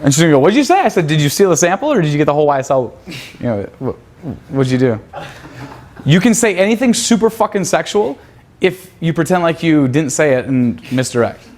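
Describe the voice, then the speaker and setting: A man's voice: a little high, lively intonation, fairly quick, a little mellow, a little hiss or hum. A man teaching a seminar class in a crude, profane manner. He quizzes his students and acts out pickup lines. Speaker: seminar instructor.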